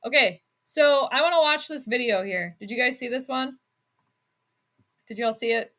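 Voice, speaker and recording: A woman chats casually on her own livestream and reacts to comments with quick giggles. Her speech is full of fillers and easy asides. Her voice is bright and a touch high. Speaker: livestream host. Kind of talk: casual livestream chat on sports and astrology.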